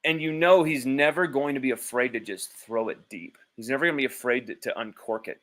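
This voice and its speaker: A man's voice: medium pitch, fairly quick, fairly bright tone. A man hosting a sports livestream from home, talking casually in a rambling, blunt way with easy swearing. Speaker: sports podcast host. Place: at home with his child nearby.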